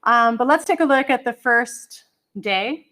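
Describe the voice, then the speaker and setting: A middle-aged woman teaches an online college English class through a computer mic on a video call. Her voice is fairly high and sharp at a measured pace, and she's chatty and apologetic, humming to herself while she hunts for files.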